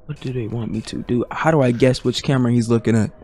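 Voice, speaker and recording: A man's voice: medium pitch, steady tone, fast talker, a little mellow, slight background noise. A young man streaming a horror game, talking to himself and his chat in nervous, slangy bursts. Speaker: gaming streamer.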